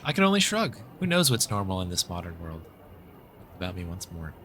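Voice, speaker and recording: A man's voice: low-pitched, sing-song, brisk, music in the background. American man streaming, reading game text. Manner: reads narration aloud, thanks subscribers, chatty asides. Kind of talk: casual game commentary, reading story text aloud.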